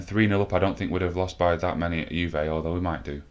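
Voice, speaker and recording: A young man commentating a football video game live, a bit out of breath and swearing often, shouting when the action peaks. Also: low-pitched, fairly even intonation, fast, hardly any pauses. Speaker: gaming commentator.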